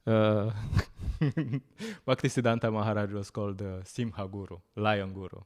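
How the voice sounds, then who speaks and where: Animated man teaching scripture. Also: on the low side, moderate pace. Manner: animated, laughs often, hesitant with many fillers. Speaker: lecturer at a temple program. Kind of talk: scripture class with storytelling.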